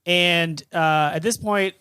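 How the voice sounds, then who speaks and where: A woman's voice: on the low side, takes it slowly, a bit bright, clear, resonant tone, no room sound, clean studio sound. A woman co-hosting a podcast, playfully steering the casual discussion with lots of filler words. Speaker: podcast co-host. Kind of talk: casual chat.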